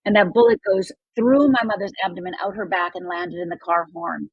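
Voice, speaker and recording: Her voice sits fairly low and sounds husky, moving a little fast as she tells a personal story in an interview. The woman, in her sixties, is a life coach from Upper Michigan, United States, speaking earnestly and emphatically and acting out quoted voices. The audio is dry with the highs cut off.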